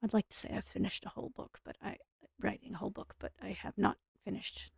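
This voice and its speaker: A tired woman giving soft-spoken, rambling commentary while she plays a game, with self-deprecating asides. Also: medium pitch, steady tone, fast talker, vocal fry, slightly rough, no echo, clean studio sound. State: tired, speaking softer and lower. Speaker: gaming streamer. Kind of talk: casual gameplay commentary.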